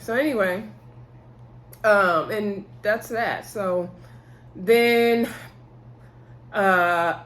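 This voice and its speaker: A woman's voice: mid-range voice, fairly bright tone, a little hiss or hum. A woman giving a casual, rambling recap of a TV episode. She laughs often and acts out what the people on the show said. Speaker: TV show reviewer.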